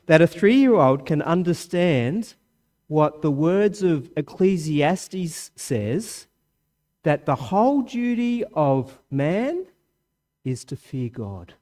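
A man who is the parent of a young child preaches a sermon, using strong swings of pitch and volume for emphasis. His voice is a little mellow.

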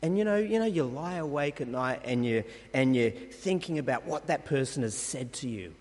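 A man's voice: mid-range voice, expressive, moderate pace, darkish tone, in a large hall. A man preaching a sermon as pastor, emphatic and full of rhetorical questions, calling his listeners friends.

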